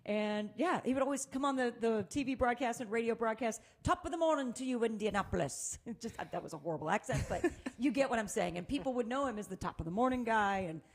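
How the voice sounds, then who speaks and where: A middle-aged woman co-hosting a casual chat, telling lively stories and laughing often. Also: a little high, quick pace. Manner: animated storyteller, laughs often. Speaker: co-host.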